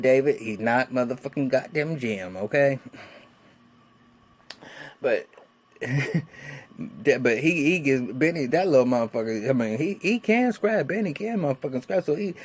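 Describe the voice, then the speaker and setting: A man in his forties giving a casual, excitable, heavily cursing recap of a TV episode. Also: mid-range voice, husky. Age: 40s. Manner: excitable, heavily cursing, acts out characters' lines. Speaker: TV episode reviewer.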